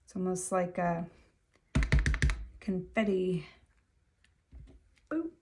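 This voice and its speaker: A woman's voice: lowish voice, lively intonation, drawn-out words, over music. A woman artist talking casually to herself as she paints and stamps at her table. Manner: musing aloud to herself while she works. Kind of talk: casual commentary while painting. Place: home art table. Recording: clear clicking noise behind.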